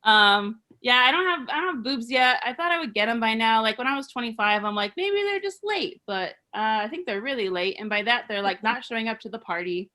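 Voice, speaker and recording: A woman's voice: on the high side, brisk, few pauses, pushed and bright. A woman in her thirties from Arizona doing a rambling, self-deprecating stand-up comedy set. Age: 30s.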